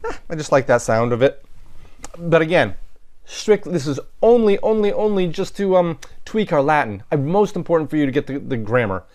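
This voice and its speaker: A man's voice: fairly high pitch, big pitch swings, moderate pace, a little mellow. Man thinking aloud in a lecture. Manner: thinking aloud, with restarts and self-corrections. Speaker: Latin teacher. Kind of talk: recorded lecture.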